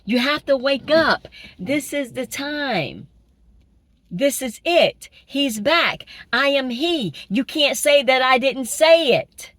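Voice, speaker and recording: A woman's voice: high voice, expressive, slow pace, fairly bright tone. A woman giving an informal spiritual sermon, emphatic, repeating phrases and asking rhetorical questions. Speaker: spiritual preacher.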